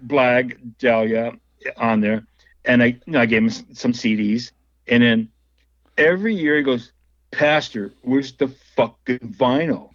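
A man telling loose, rambling stories in a casual interview, laughing often and restarting his sentences. His voice sits at an ordinary pitch. The recording is dry and a little muffled. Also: moderate pace, no echo. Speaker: guest musician and label owner.

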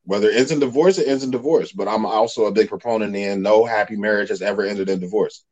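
Male podcast host, thirties, lowish voice, blunt and profane, casual talk. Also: fast, darkish tone, rough recording.

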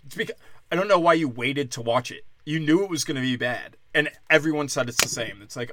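A young man from Wisconsin hosting a comedy podcast, delivering a crude, mocking rant with big swings in loudness. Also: fairly high pitch, fairly quick, a little hiss or hum. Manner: brash, crude, mocking, loud swings in volume. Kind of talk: profane ranting monologue.

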